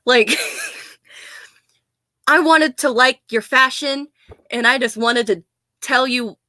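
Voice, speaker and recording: A woman's voice: sits high, takes it slowly, sharp tone, no echo. An American woman ranting in a casual vlog, blunt, profane and sarcastic, often laughing. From United States. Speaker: vlogger.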